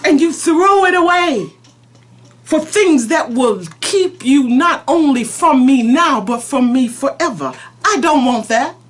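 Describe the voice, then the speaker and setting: A woman preacher delivering a prophetic message spoken in God's voice, pleading and emphatic, shifting between soft and forceful. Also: high voice, lively intonation, a little slow.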